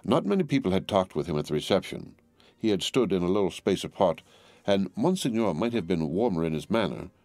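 A man narrating a classic novel as an audiobook in a measured, formal storytelling manner. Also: low-pitched, sing-song, darkish tone, no echo.

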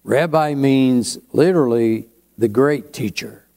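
Pastor, male; slow, unhurried sermon delivery with a warm, mellow tone and chatty asides. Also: medium pitch. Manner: slow, conversational preaching with asides.

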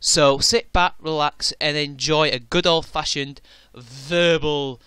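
A man's voice: on the high side, slow pace, pushed and bright, smooth, no echo. A man giving a sarcastic reaction commentary over a played clip, mocking it with theatrical sarcasm. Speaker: reaction video maker.

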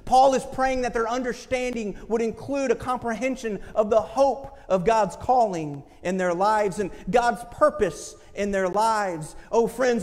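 A man's voice: sits high, darkish tone. A man preaching a sermon as pastor, impassioned and acting out quoted voices. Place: church sanctuary. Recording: long hall reverb from a church.

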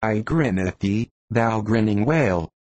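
A wry second mate grinning defiantly at his own doom, as a man puts him on in an audiobook. The delivery is low-pitched and declaiming, recorded close and dry. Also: lively intonation, measured pace, a little mellow, no room sound. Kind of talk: audiobook reading.

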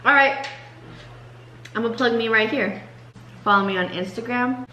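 A woman's voice: on the high side, moderate pace, pushed and bright, echoey room, low-quality recording. A woman hosting a casual eating video at home, teasing her family and laughing while she eats. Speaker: vlogger and host. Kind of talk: casual mukbang chat. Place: family home during a meal.

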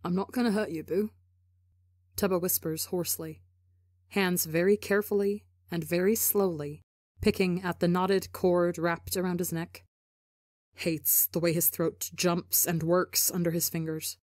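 A woman reading fan fiction aloud for a podcast, with expressive storytelling. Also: on the low side, unhurried, dry recording, studio quality. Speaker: podcast reader.

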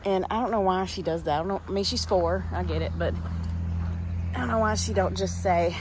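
Woman, Southern American accent, family vlogger, rambling casual chat, handheld camera outdoors, middle pitch, faint background noise. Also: fairly quick. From West Tennessee, USA. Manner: rambling, chatty, trails off and restarts mid-thought. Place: outdoors in a home yard.

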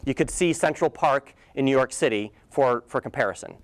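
A man's voice: mid-range voice, expressive, brisk, dry recording. A young man giving a guest lecture with slides, enthusiastic and casual, with playful asides and a few fillers. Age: young adult. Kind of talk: presentation talk with slides. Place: lecture hall.

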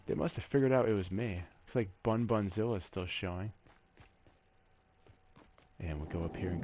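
A gaming channel host gives easygoing, chatty solo commentary while exploring a video game map, cracking corny jokes along the way. His voice is fairly low and a little mellow, at normal speed with frequent pauses, and there's a little hiss or hum.

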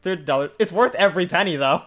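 A young man streaming a game live, chatting casually, jokey and excitable, his voice jumping up when he gets indignant. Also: sits high, quick pace. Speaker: VTuber streamer. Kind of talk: casual livestream chat.

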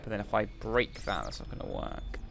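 A man's voice: on the low side, very animated, a little fast, gravelly, over music. A man thinking aloud as he commentates his own video game playthrough, muttering to himself. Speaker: gaming video host. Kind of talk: let's play commentary.

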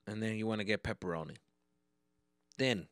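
A man's voice: fairly low pitch, normal speed, smooth, no room sound. A man hosting a comedy podcast, talking casually and profanely, dropping Spanish slang into his English. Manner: animated storytelling, acts out exchanges.

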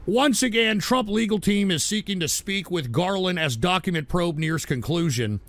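A man hosting a live stream, reading chat and ranting in an irritable, profane way, swinging between grumbling and loud outbursts. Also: sits high, animated, normal speed. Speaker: livestream host.

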